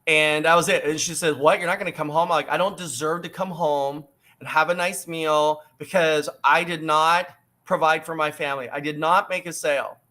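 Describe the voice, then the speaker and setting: A middle-aged man tells a story with lots of energy over a video call. His voice sits high and sounds bright and forceful, and he leans hard on key words. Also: moderate pace. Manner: energetic, emphatic, acts out quoted voices. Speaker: book author guest. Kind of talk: animated storytelling.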